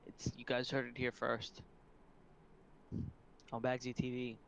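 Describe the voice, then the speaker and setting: A man's voice: medium pitch, monotone, measured pace, vocal fry, dull audio. A young man co-hosting a stream, telling rambling stories with a lot of swearing and laughing. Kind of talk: casual stream chat.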